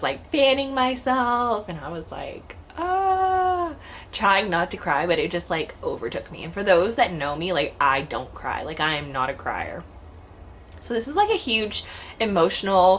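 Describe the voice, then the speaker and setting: A woman's voice: deep voice, fairly bright tone, slight background noise. A woman in her thirties talking casually to her vlog viewers in a chatty, rambling, heartfelt way. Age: 30s. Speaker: vlogger. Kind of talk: casual vlog talk to camera.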